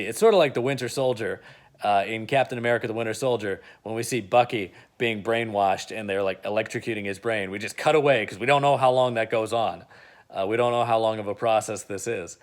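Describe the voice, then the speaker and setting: A man casually retelling an imagined film plot in a chatty way, with lots of "uh" and "like". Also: lowish voice. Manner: chatty, with frequent "uh" and "like". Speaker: video creator.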